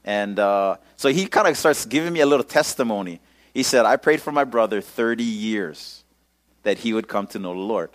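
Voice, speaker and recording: A man's voice: lowish voice, lively intonation, moderate pace. A male pastor telling a personal story in a casual sermon, using lots of local slang.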